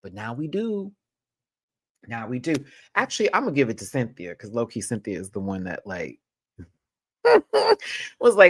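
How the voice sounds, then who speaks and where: Sassy animated Houston man, dry sound. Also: mid-range voice, moderate pace, no echo. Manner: sassy, animated, cursing, mimics others. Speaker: show review host. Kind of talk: casual chat.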